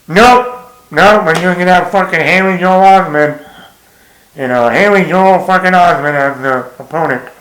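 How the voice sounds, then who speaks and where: A man giving a blunt, exasperated casual film review, swearing freely and now and then quoting lines in a higher voice. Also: a little slow, fairly bright tone. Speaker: movie reviewer. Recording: echoey room.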